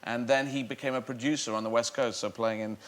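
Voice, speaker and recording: A man's voice: medium pitch, fairly even intonation, fast talker. An English man, a chat show guest, telling playful, digressive comic stories and often restarting mid-sentence. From England. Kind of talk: rambling comic storytelling.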